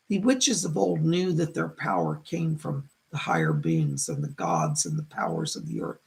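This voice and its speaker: Gravelly-voiced man hosting a chatty livestream. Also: fairly high pitch. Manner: chatty and effusive, greets viewers by name and reads their comments. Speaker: psychic livestream host. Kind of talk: casual live-stream chat.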